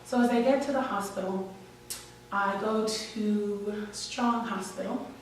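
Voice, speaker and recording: A woman's voice: medium pitch, steady tone, a little slow, a little hiss or hum. A young woman from New York telling a candid, wry and emotional personal story at a live story slam. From Washington Heights, New York. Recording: echoey room, distant mic, faint ambience.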